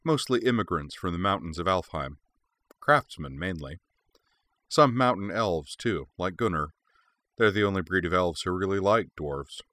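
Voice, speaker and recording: A man's voice: low-pitched, lively intonation, normal speed, fairly bright tone, no echo. A man reading as an easygoing young guide. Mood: explaining.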